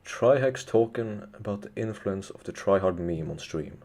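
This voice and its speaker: Profane, animated male streamer. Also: on the low side, normal speed. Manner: profane, excitable, swears constantly at chat. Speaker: live streamer. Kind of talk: casual live-stream chatter.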